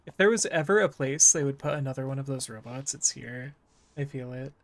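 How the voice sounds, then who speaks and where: Low-voiced woman musing over a game. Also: a little fast. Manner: thinking aloud, musing, loose fillers. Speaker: streamer. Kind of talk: casual gameplay commentary.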